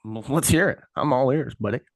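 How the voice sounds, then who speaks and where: A man's voice: mid-range voice, fairly quick, gravelly. A man co-hosting a casual podcast as a youth baseball coach, talking up his players with enthusiasm.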